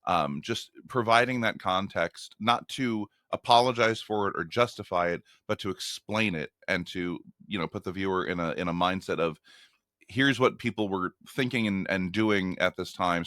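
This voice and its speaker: Male guest with a New Jersey accent; lowish, bright voice, dry close sound; rambling, explanatory. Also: moderate pace, dry recording. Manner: talkative, explanatory, with many fillers and restarts. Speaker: podcast guest, media critic. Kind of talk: casual conversation.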